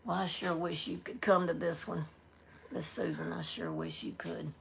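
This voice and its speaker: A woman's voice: lowish voice, fairly even intonation, moderate pace, vocal fry, a little hiss or hum. A woman with a Southern US accent, hosting a live stream and chatting folksily, greeting viewers by name as she reads their comments. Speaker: livestream host.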